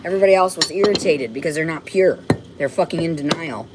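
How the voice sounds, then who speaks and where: A woman's voice: low voice, fast talker, very noisy. Profane, ranting woman streaming from home. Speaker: livestreamer. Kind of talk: rambling livestream monologue. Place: home, indoors.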